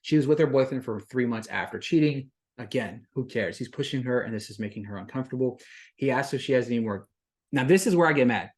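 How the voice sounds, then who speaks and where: A podcast host talks through a reality-show recap in an easy, casual way, leaning on "like" as a filler. The voice sits in a middle pitch and shoots up, louder and higher, whenever the host gets worked up. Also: fast talker. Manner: animated and indignant, with frequent "like" fillers; rises sharply in pitch and volume when worked up. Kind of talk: casual solo recap commentary.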